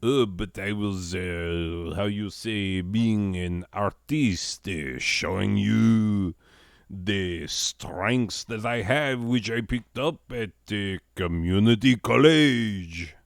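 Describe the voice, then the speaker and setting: A man putting on a pretentious voiceover artist with a halting, affected fake foreign accent. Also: lowish voice, creaky, no room sound, studio quality.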